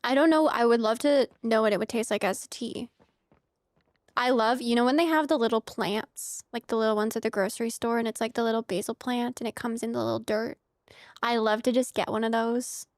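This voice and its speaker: A woman's voice: fairly high pitch, steady tone, brisk, no room sound, studio quality. A young woman from the United States chatting casually with her viewers while streaming a game, giggly and full of filler words. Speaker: streamer playing a farming game.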